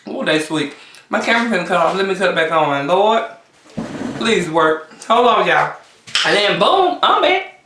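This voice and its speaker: A woman vlogger chatting casually to camera between bites, often pausing on long hums. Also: fairly low pitch, lively intonation, a bit bright, a little hiss or hum. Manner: chatty, talks between bites with drawn-out mms. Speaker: mukbang vlogger. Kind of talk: casual eating chat to camera. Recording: roomy sound from a distance.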